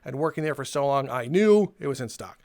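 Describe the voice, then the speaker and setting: A young man telling a casual story for his video channel, animated and swearing, laughing between lines and acting out what people said. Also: medium pitch, fairly quick. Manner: animated, swearing, laughs mid-sentence, acts out quotes. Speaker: storytelling YouTuber.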